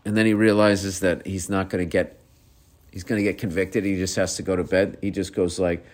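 Speaking briskly in a deep voice with little pitch movement, a middle-aged man recounts family stories. He rambles, curses, and keeps interrupting himself mid-sentence in a loose, casual way.

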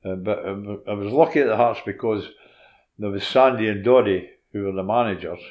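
An older man with a Scottish accent, a former footballer telling animated stories in a casual interview and acting out the dialogue. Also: on the low side, brisk, muffled recording. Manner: animated anecdotes, laughs while telling, drops into quoted dialogue.

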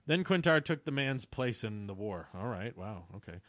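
A man's voice: medium pitch, expressive, moderate pace, hardly any pauses, a bit bright, no room sound. Young man, reads old story aloud with amused commentary, dry close sound. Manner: amused, laughs at his own writing. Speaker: YouTuber reading his childhood story.

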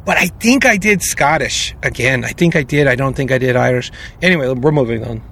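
A man's voice: mid-range voice, animated, brisk, bright, forceful tone, a little hiss or hum. A young adult man co-hosting a podcast, chatting casually and often cutting in with asides. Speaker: podcast co-host. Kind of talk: casual chat.

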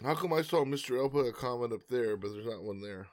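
A man's voice: mid-range voice, expressive, fast, no echo. Laid-back guy on a podcast, bit of a cough, wry, dry close sound. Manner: easygoing, wry, swears casually. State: slight cough. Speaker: podcast co-host. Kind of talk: casual podcast chat.

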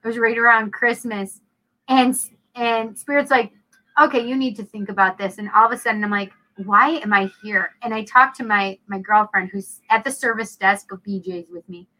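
High bright-voiced middle-aged woman, animated storyteller, acts out every line. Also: normal speed, poor audio. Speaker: tarot reader and show co-host. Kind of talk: casual chat.

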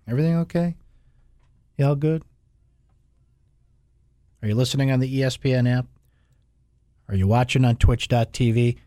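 A man hosting a sports talk radio show, animated, swinging between loud shouts and hushed asides. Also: medium pitch, normal speed, pauses often, no room sound, studio quality, faint music behind. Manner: animated, bursts into loud shouts then drops to whispers.

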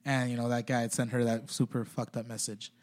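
A man's voice: medium pitch, flat delivery, fairly quick. A man in casual podcast chat, rambling with lots of filler words and swearing.

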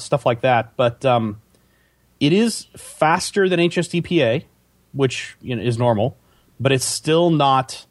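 A man co-hosting a casual tech podcast, explaining things in a measured way with many fillers. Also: mid-range voice, no room sound. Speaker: podcast co-host.

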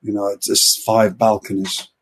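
A man's voice: fairly low pitch, flat delivery, normal speed, breathy edge. An older man with an English accent, chatting casually and telling anecdotes, laughing at his own jokes. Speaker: podcast guest storyteller.

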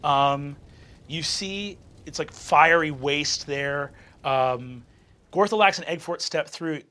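A man narrating a tabletop game as game master, animated and excitable. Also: fairly high pitch, slow.

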